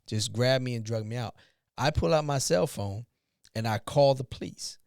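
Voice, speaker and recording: A man in his forties, hosting a podcast, telling a personal story in an animated way and acting out the dialogue. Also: medium pitch, normal speed, creaky, dry recording, studio quality. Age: 40s. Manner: animated retelling, acts out dialogue. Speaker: podcast host. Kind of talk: casual storytelling chat.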